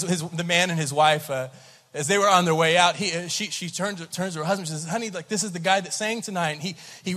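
A man in his thirties preaching a sermon, telling a story with lively acted-out voices and laughter. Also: on the high side. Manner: animated storyteller, acts out voices, laughs along. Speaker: pastor. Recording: large hall with long reverb.

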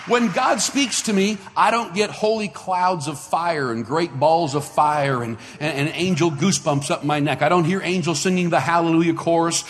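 A male pastor preaching a sermon, telling stories and acting out the dialogue in them. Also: a little high. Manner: animated storyteller acting out dialogue. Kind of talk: sermon storytelling. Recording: long reverb of a large hall.

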